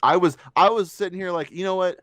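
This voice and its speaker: A man's voice: high-pitched, fast talker, a bit bright, no room sound, clean studio sound. A man co-hosting a casual movie review podcast, ranting with heavy swearing and mocking voices. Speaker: podcast co-host.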